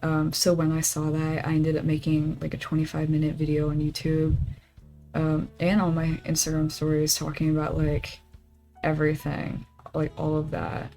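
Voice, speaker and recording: Her voice is deep and moves at a moderate pace as this young streamer chats casually on her study stream. Swearing freely, she tells a lively story and reads emails aloud, with faint, soft guitar game music behind her.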